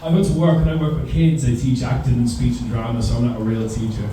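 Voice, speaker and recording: A man's voice: mid-range voice, steady tone, fast talker, dark tone, far from the mic, a little hiss or hum. A young man doing a wry, self-deprecating stand-up set, swearing freely. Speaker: stand-up comedian. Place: comedy club stage with audience. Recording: roomy club sound with crowd laughter.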